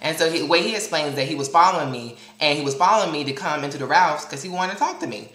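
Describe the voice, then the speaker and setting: A man speaks straight to his viewers in a casual storytelling vlog, animated and dramatic with plenty of sass. His voice rings out in an echoey room, picked up by the camera mic. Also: fairly high pitch, fast talker. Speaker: vlogger addressing viewers.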